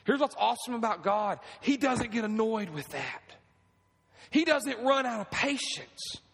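Male pastor, 30s, fervent sermon delivery with amen call-outs, slightly high voice, reverberant sanctuary. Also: animated, a little slow, slightly rough. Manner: fervent, swings from quiet pleading to high emphatic preaching, asks the crowd for amens. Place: church sanctuary. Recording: long reverb of a church hall.

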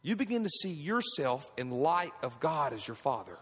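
Male pastor, 30s, fervent sermon delivery with amen call-outs, slightly high voice, reverberant sanctuary. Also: big pitch swings, moderate pace, breathy edge. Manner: fervent, swings from quiet pleading to high emphatic preaching, asks the crowd for amens. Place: church sanctuary. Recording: long reverb of a church hall.

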